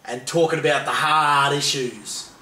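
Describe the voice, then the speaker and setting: A young Australian man co-hosting a comedy chat in a mock-formal, deadpan manner. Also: fairly high pitch, measured pace, slight background noise. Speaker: co-host. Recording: echoey room, mic at a distance.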